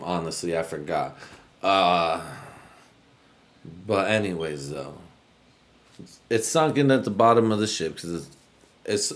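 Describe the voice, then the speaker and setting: Male podcast host from the United States, slightly low voice, casual and profane rambling. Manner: profane, rambling, laid-back.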